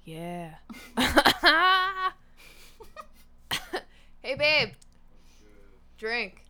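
A young woman with a bright, smooth voice pitched a little high co-hosts a casual podcast. She is from the Niagara region and tells stories with gusto, mimicking people and laughing as she swears. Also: very slow. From Niagara region, Canada. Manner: animated storyteller, acts out quotes, laughs often, swears. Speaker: podcast co-host. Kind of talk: casual chat.

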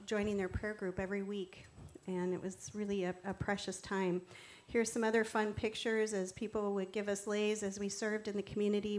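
Earnest woman telling a faith story. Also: mid-range voice. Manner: earnest storytelling, reverent and animated. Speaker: church co-founder. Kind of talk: personal testimony talk with slides.

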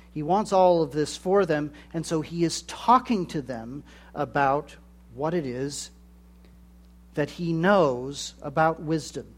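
A man preaching a sermon in a measured way, acting out the voices he quotes. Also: a little high. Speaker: pastor.

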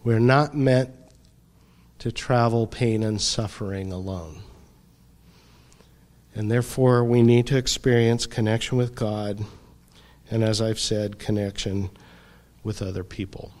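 Middle-aged guy preaching a sermon, slow and thoughtful, voice drops soft a lot. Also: on the low side, fairly even intonation. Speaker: pastor.

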